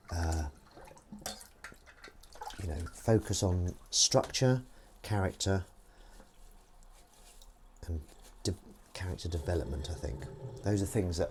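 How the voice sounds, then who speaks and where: A man with a low, slightly mellow voice chats on a live stream as he washes dishes at his kitchen sink, rambling to viewers in a wry, chatty way. There is slight background noise.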